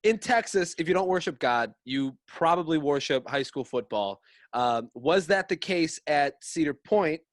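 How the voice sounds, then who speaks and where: Brief: male podcast host, light chatty questioner, slightly high voice, dry close sound. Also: animated, dry recording. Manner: chatty, quick, easily amused questioner. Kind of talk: casual podcast interview.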